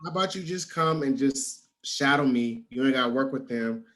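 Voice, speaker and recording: A man's voice: mid-range voice, normal speed, a crowd in the background. A man co-hosting a podcast, chatting casually with blunt, profane banter. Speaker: podcast co-host. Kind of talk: casual chat.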